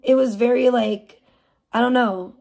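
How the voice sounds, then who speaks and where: A woman in her forties telling a long personal story on a live stream, rambling and animated, with lots of "like" and restarts. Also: a little high, unhurried, gravelly. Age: 40s. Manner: rambling, animated retelling with frequent "like". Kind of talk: casual storytelling.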